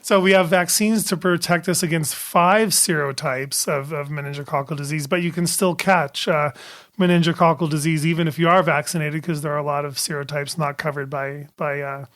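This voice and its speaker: A man's voice: fairly high pitch, steady tone, brisk, fairly bright tone. A man co-hosting an educational health podcast as the doctor, explaining in a casual way with many fillers and restarts.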